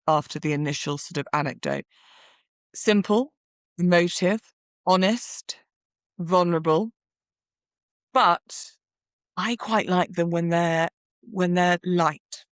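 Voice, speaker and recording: A woman, a wedding celebrant, hosting a podcast and giving chatty, animated advice while she acts out example vows. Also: lowish voice, no room sound. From United Kingdom. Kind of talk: casual advice monologue.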